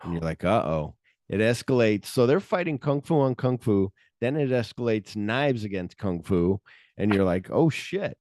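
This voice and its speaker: A man's voice: fairly low pitch, expressive, normal speed, darkish tone, no echo. A man co-hosting a podcast, recapping a movie in casual profane chat and acting out the scenes in quoted voices. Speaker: podcast co-host.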